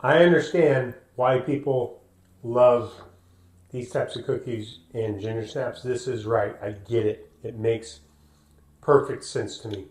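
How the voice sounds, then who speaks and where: A man's voice: mid-range voice, measured pace, a little mellow, roomy sound. A man co-hosting a homestead channel, chatting easily and enthusiastically in his home kitchen. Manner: easygoing, enthusiastic. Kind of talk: casual kitchen chat.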